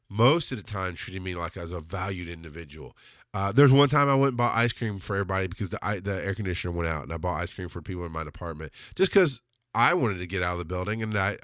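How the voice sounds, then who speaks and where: A man's voice: sits low, fairly bright tone, no echo, clean studio sound. A man hosting a solo podcast, talking in a blunt, rambling way and swearing freely. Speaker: podcast host.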